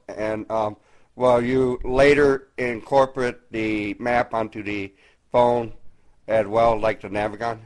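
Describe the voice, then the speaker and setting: A man calling in with a question, halting and searching for words. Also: medium pitch, rough recording. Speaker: caller asking a question.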